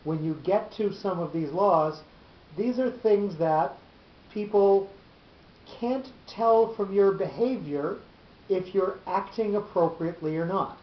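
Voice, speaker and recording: Man, lecturer type, slightly high voice, patient and halting, roomy lo-fi recording with hiss. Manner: patient, explanatory, often restarts phrases. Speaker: teacher of a Torah class. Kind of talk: lecture with frequent pauses and fillers. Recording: roomy, dull lo-fi with faint hiss.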